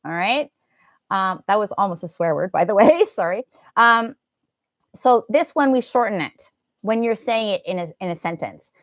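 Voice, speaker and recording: A woman's voice: medium pitch, expressive, normal speed, no echo, studio quality. A woman with an American accent teaching a live English lesson, enunciating words carefully and slipping into Indonesian phrases. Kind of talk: live online language lesson.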